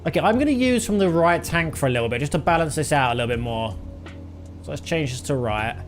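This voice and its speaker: Young british guy rambling thru a flight sim stream, kinda high voice, laughs a lot, soft music behind. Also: animated, fast. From Britain. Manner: rambling, chatty, laughs often, reads chat aloud. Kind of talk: casual live-stream chat while flying a simulator.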